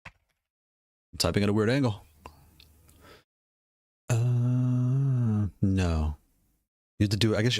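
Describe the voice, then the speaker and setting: A man's voice: fairly low pitch, slow pace, long pauses, darkish tone, no echo, clean studio sound. A man casually talking through gaming controller prices, rambling and repeating himself with frequent laughs. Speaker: gaming hardware streamer. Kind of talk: casual product commentary.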